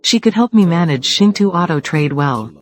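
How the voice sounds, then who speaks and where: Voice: medium pitch, animated, normal speed, close to an everyday voice. A dubbing voice performing corporate rivals in a drama, delivering short, confrontational lines. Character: corporate rivals trading threats over control of a company. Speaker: dub voice for several characters. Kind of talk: dubbed drama dialogue.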